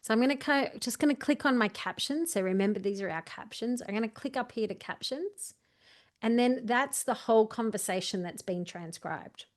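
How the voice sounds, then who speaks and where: A woman's voice: on the high side, expressive, moderate pace. A woman coaching a video editing tutorial, chatty and walking through each step while correcting herself as she goes. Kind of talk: screen-share editing tutorial.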